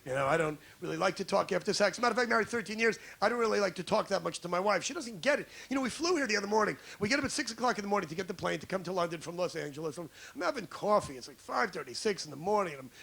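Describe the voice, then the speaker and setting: A man's voice: high-pitched, animated, racing, gravelly, hardly any pauses, a bit bright. A man in his forties from New York doing a brash, ranting stand-up set in a comedy club, baiting the crowd. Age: 40s. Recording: live club recording with audience noise.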